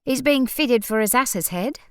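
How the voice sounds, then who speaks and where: A woman plays a cheeky young man with a loud, raised voice and a playful mock Welsh lilt. He sounds teasing and quick in an audiobook scene. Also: a little high, expressive, clean tone, dry recording, studio quality, pitched above the performer's own voice.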